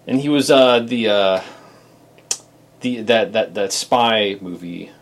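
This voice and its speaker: A man co-hosting a podcast in casual chat, often restarting and trailing off into fillers. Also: on the low side. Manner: halting, many restarts and fillers. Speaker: podcast co-host.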